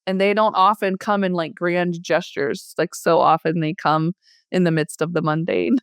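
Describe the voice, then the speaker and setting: A woman's voice: lowish voice, moderate pace, smooth, dry recording. Female co-host, earnest and reflective, casual fillers, dry close recording. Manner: earnest, musing, full of "like" and "you know". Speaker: podcast co-host. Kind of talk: reflective conversation.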